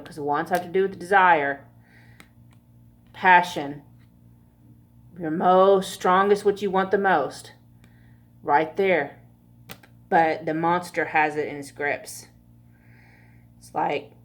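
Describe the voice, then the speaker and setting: A woman's voice: fairly low pitch, slow pace, pauses often. A woman giving a casual pick-a-card tarot reading, chatty and laughing often, with frequent swearing. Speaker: tarot reader.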